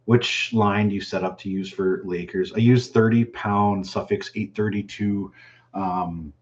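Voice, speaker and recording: A man hosting a fishing channel's live chat, reading viewer questions aloud and answering them in a relaxed, chatty way. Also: lowish voice, measured pace, muffled recording. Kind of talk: casual live stream chat.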